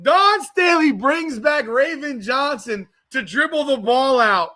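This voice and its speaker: A man with a high, bright voice delivers heated, profane watch-party commentary. He swings widely in pitch as he rants. He hosts a live podcast stream. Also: animated, takes it slowly. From South Florida. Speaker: podcast host.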